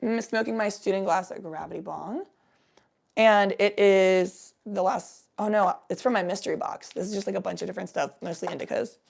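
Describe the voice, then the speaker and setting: A woman's voice: medium pitch, normal speed, gravelly, darkish tone. A young woman telling rambling, profane stories in a laid-back, casual chat with the odd cough. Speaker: vlogger.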